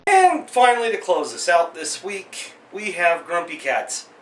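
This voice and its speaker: A man's voice: high voice, very animated, measured pace, fairly bright tone, roomy sound, far from the mic, faint music behind, poor audio. A man in his thirties hosting a weekly rant, sarcastic and exasperated, with joking asides. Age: 30s. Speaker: vlog host. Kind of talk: ranting commentary.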